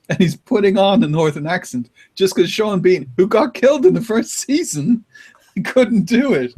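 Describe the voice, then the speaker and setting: Male podcast host, casual chat, bit higher-pitched, animated and laughing as he retells. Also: husky.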